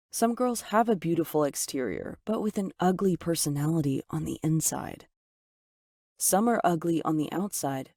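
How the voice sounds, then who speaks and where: A woman narrating a first-person story with dramatic, expressive delivery. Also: low-pitched, dry recording, studio quality.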